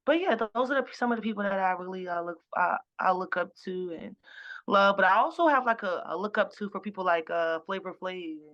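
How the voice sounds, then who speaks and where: A playful woman talks through an interview with a loose, joking delivery, breaking off and restarting her thoughts. Her voice sits in an ordinary middle pitch. The sound is a little dull and lo-fi. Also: fairly quick. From Boston. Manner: animated, playful, jokey, frequent restarts. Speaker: musician guest. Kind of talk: casual interview chat.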